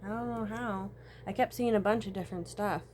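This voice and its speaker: A woman's voice: mid-range voice, fairly quick, slight background noise. A woman, talking in a casual, profane personal monologue. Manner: casual, profane, animated storytelling with frequent laughs.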